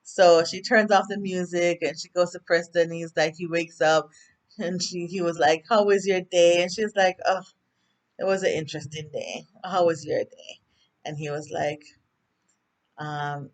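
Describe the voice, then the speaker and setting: A woman's voice: lowish voice, measured pace. Chatty Jamaican woman recapping a show. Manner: chatty and rambling, many fillers and asides to viewers. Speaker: TV recap vlogger. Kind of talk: casual episode recap.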